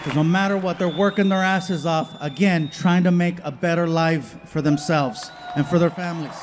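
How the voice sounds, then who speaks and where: A man doing a stand-up comedy routine on stage, telling an animated story. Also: a little high, normal speed, long reverb tail, a faint crowd. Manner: storytelling, animated, slips into voices. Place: on stage before a live audience. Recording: noisy live comedy club recording.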